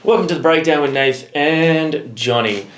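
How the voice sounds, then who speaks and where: A man's voice: on the high side, moderate pace, fairly bright tone, slight background noise. An Australian man co-hosting a music reaction video, chatting casually and swearing freely. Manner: laid-back, swears casually. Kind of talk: casual chat. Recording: roomy echo.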